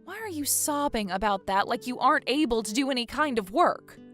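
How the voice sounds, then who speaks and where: A woman's voice: on the high side, expressive, fairly quick, a bit bright, faint music behind. A woman playing a fed-up, exasperated wife in a dramatized story, talking indignantly. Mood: frustrated.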